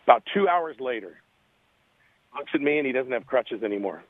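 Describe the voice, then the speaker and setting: A man, a radio interview guest, telling a story in an earnest, animated way over a phone line. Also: mid-range voice, brisk, no room sound.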